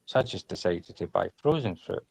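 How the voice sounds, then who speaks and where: Gravelly low-voiced man chatting. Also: expressive, fairly quick, a little mellow, slight background noise, rough recording. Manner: chatty, laughs while retelling scenes. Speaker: chat participant. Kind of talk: casual group chat.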